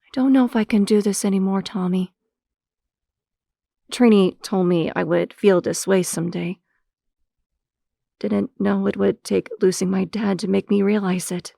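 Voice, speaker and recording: A woman playing a blunt, gravelly young heroine. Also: mid-range voice, fairly even intonation, normal speed, pauses often, mellow, no echo, clean studio sound. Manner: blunt, defiant. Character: fierce, weary young woman hero.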